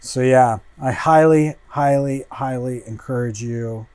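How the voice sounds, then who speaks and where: A man talks through a comic book on a casual livestream, thinking aloud in relaxed asides. He speaks slowly, with a mid-range pitch, and swears freely as he goes. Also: clean tone, no room sound. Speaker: host flipping through a comic.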